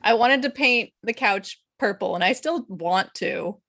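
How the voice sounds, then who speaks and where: A woman's voice: mid-range voice, lively intonation, unhurried, a bit bright, no room sound, studio quality. A woman moderating a casual stream panel, chatty and rambling with plenty of laughter.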